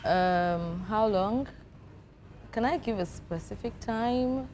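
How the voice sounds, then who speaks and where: A woman's voice: medium pitch, takes it slowly, darkish tone. Young woman, talk show guest, playful, laughs a lot, faint background noise. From Nigeria. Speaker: actress guest. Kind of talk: casual talk show interview.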